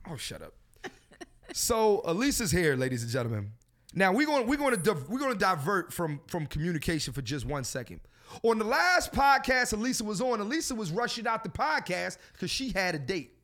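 High-voiced, profane male podcast host. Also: sing-song, fairly quick, fairly bright tone. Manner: profane, preachy and joking. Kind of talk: casual podcast chat.

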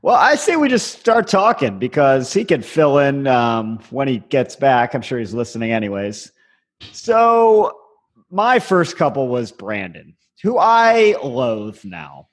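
A man's voice: medium pitch, very animated, unhurried. A man co-hosting a podcast, ranting in casual chat with a lot of profanity and indignation. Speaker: podcast co-host.

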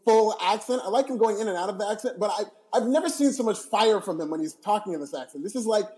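A man with a high, mellow voice talks quickly in a casual podcast chat. He is eager and opinionated, running through recaps at speed. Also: animated.

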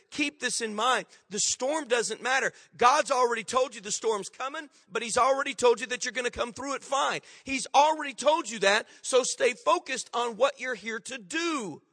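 Male pastor, sermon, emphatic, high pitch, dry close sound. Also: sharp tone, no room sound, long reverb tail. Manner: emphatic, repetitive exhortation.

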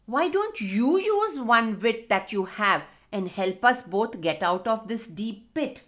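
A cocky male fox from a children's storybook, bragging and bossing his companion around, voiced by a woman. The voice sits high and lively, swinging widely in pitch. It takes its time with each boast. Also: takes it slowly. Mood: angry. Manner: boastful and bossy, whining when stuck.

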